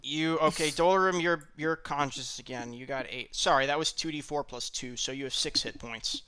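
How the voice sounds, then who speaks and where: Young guy dm, bright crisp voice, lots of ums and restarts. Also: a little high. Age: young adult. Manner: halting, with frequent ums and restarts. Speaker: game master. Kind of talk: running a tabletop game.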